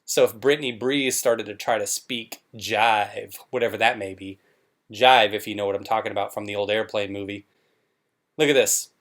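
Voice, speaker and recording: A man's voice: lowish voice, steady tone, moderate pace, fairly bright tone. A man hosting a commentary show, talking in a sarcastic, mocking way.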